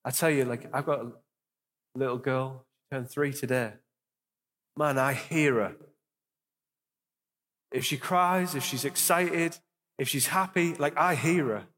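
A young man preaches as a pastor in a church hall, his mid-pitched voice carried by a long, lingering reverb. He is earnest and encouraging and repeats key phrases for emphasis. He leads the room in prayer in the same steady sermon manner. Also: unhurried, long pauses.

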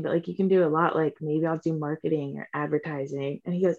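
In casual conversation, a woman in her twenties tells a story with animation, acting out what people said, swearing, and saying "like" constantly. Her voice sits low and moves fast with hardly any pauses, and the audio sounds dull.

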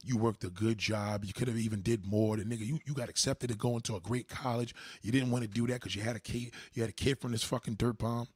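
A man hosting a livestream, delivering a profane, heated rant at his chat and swinging from low mutters to high outbursts. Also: fairly even intonation, fast, few pauses, slightly rough, dry recording, clean studio sound. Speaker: livestream host. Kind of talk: ranting monologue to a live chat.

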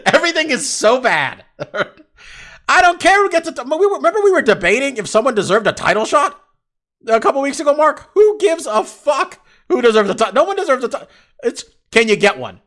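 Guy ranting on a sports podcast, high voice, swings all over, swears a lot. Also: a little fast. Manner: animated, profane ranting with laughs. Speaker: podcast co-host. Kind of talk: casual sports chat.

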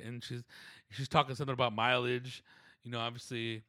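A man's voice: medium pitch, flat delivery, fast talker, sharp tone, no echo, studio quality. A man telling a rambling, slangy, profane story, dropping into voices of the people in it. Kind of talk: casual storytelling monologue.

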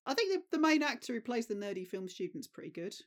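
A man co-hosting a casual film podcast, with deadpan jokes and rambling asides. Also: very high voice, quick pace. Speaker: podcast co-host.

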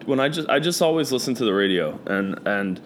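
A man from the Philadelphia area with a Philadelphia accent, a DJ being interviewed, talking in a flat deadpan way. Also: brisk, a little hiss or hum. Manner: deadpan, low-key delivery. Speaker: guest, DJ. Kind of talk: casual conversational interview.

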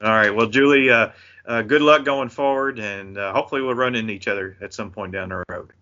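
Bright-toned Kentucky man, halting and folksy. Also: fairly low pitch, highs cut off, a little hiss or hum. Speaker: podcast co-host. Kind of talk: casual interview.

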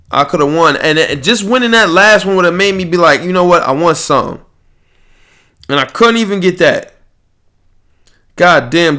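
A man's voice: a little high, bright, forceful tone. Heated man ranting on a podcast. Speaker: podcast host. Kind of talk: casual sports podcast rant.

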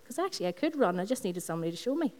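A woman's voice: medium pitch, big pitch swings, racing, darkish tone. Northern Irish woman pastor preaching. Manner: personal storytelling with repeated phrases, talks to the congregation. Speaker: lead pastor. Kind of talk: sermon. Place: Sunday service in a school hall.

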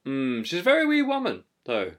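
A man's voice: a little high, huge pitch swings, fairly quick. A man hosting a comedy chat, hesitant and mock-earnest, with plenty of ums. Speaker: host. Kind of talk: deadpan comic improv chat.

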